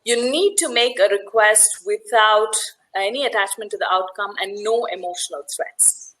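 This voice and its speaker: On poor audio, a female workshop facilitator with a mid-range, slightly bright voice speaks at a moderate pace. Leading a networking session, she chats and tells stories, often asking "right?" and briefly voicing the characters in them.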